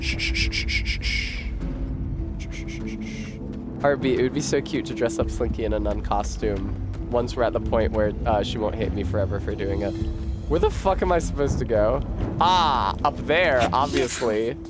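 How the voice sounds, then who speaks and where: A man's voice: medium pitch, lively intonation, moderate pace. A man giving live, joking, profane commentary while streaming a game. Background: game music.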